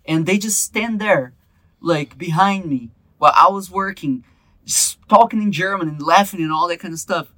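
Man, casual podcast storytelling, animated, stumbling restarts, bright tone. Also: high-pitched, moderate pace, dry recording. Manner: animated, restarts a lot, mimics others in quotes. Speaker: podcast co-host.

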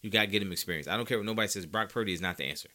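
A man's voice: lowish voice, very fast, bright, forceful tone. A man hosting a sports podcast, giving emphatic, opinionated commentary straight to his listeners.

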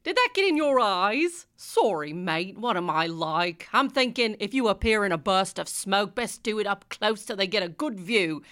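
A woman voicing a cocky, dashing male gentleman thief with a British-sounding accent, talking in a breezy, cheeky way full of slang. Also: mid-range voice, expressive, moderate pace, few pauses, no room sound, studio quality, lightly acted. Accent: British-sounding put-on accent. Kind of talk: comedic audio drama acting.

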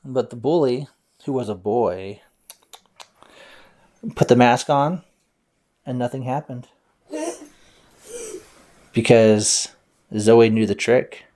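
Man, improvised bedtime story, playful, silly sound effects, even pitch. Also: takes it slowly, long pauses.

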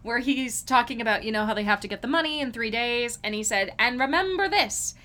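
A woman's voice: a little high, fast, pushed and bright. A woman co-hosting a casual podcast chat, giggly and gushing as she quotes lines. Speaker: podcast co-host.

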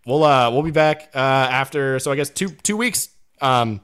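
A man's voice: medium pitch, moderate pace, a bit bright, clear, resonant tone. A man hosting a podcast in casual chat, rambling with lots of fillers and restarts. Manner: rambling, filler-heavy, self-correcting. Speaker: podcast host.

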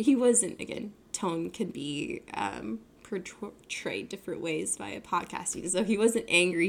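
Rambling young woman with a gravelly voice. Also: fairly low pitch, measured pace, hardly any pauses. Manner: rambling, full of fillers and self-corrections. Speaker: podcast host. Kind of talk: casual solo podcast talk.

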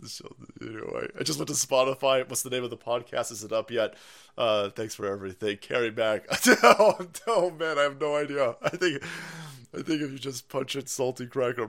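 A man's voice: mid-range voice, expressive, normal speed, a bit bright. A man ranting sarcastically on a livestream, profane and laughing often. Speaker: political commentary streamer.

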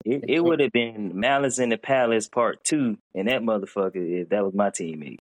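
A man's voice: fairly low pitch, dry recording, rough recording. A man co-hosting a casual sports podcast, blunt and profane in his takes. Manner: blunt, profane, quick reactions. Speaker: podcast co-host.

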